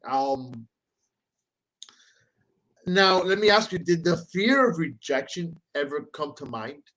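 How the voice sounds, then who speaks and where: Relaxed male podcast host. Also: on the high side, slow, poor audio. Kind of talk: casual chat.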